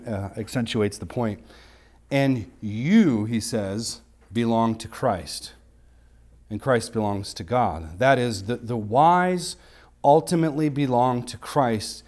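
A man, a pastor, preaching an expository sermon with emphatic rises and quiet asides. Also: mid-range voice, slow pace. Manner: emphatic, rising to sharp exclamations and dropping to quiet asides. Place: church sanctuary.

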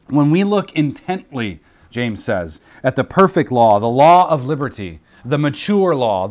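Earnest male preacher. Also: fairly high pitch. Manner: earnest, emphatic repetition. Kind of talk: sermon.

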